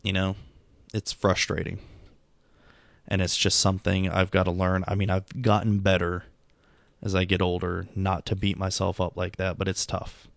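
A middle-aged man with a low, gravelly voice talks through his night in a casual monologue. He sounds tired and subdued, rambling and doubting himself, full of restarts and fillers. The recording is close and dry, with no room sound. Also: monotone, normal speed, no echo. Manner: rambling, self-critical, many restarts and fillers. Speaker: vlogger.

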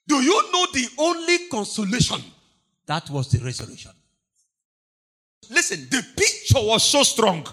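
A pastor preaching with fervor, repeating phrases for emphasis. His voice is high and bright with a husky grain. It leaps between shouted peaks and hushed asides. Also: sing-song, a little slow. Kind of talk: impassioned sermon.

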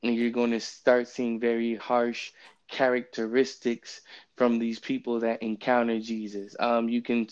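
A man hosting a casual Bible study podcast, talking in a relaxed, rambling way with plenty of fillers, recorded remotely on his phone. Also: mid-range voice, smooth, highs cut off. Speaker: podcast host. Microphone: phone app, remote recording.

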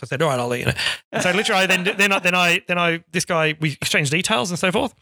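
A middle-aged man from Australia, an interview guest telling animated stories and acting out quotes. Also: sits high, rapid-fire, no room sound, studio quality. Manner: animated, acts out quotes in storytelling. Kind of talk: casual storytelling.

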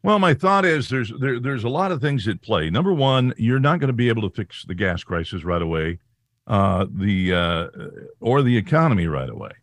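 A man's voice: normal speed, no room sound. A man co-hosting a political talk show speaks with an indignant edge. His voice swings up and down a lot as he makes his case. The recording is dry, with no room sound. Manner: animated, indignant, dramatic rises in pitch. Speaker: co-host.

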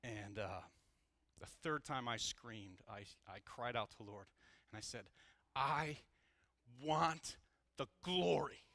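Male pastor, bright, forward tone, dry close sound, candid and animated sermon delivery. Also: lowish voice, measured pace, no room sound. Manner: candid and animated, swinging between loud and hushed.

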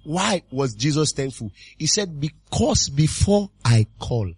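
A man preaching a sermon as pastor, exuberant and full of repeated calls and sudden shouts. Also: on the high side, very animated, measured pace, gravelly, breathy edge, no room sound.

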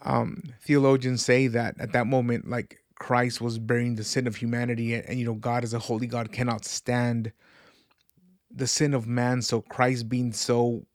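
A man's voice: mid-range voice, flat delivery, normal speed, dry recording, clean studio sound. A man in his thirties hosting a podcast, talking in an earnest, rambling way about faith and life, repeating words as he searches for them. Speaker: podcast host. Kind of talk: casual reflective faith talk.

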